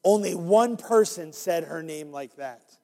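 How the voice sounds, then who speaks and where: A minister with a fairly high, creaky voice reads a little slowly from an interactive Bible story for children. He is animated and keeps inviting them to join in. The room gives off a long hall reverb.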